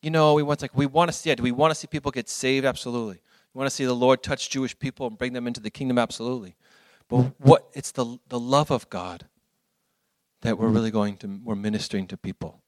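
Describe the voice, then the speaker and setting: A man's voice: mid-range voice, fairly even intonation, fast, no echo, studio quality. A man giving an earnest church talk with slides, telling stories in a rambling way with many restarts. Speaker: ministry speaker.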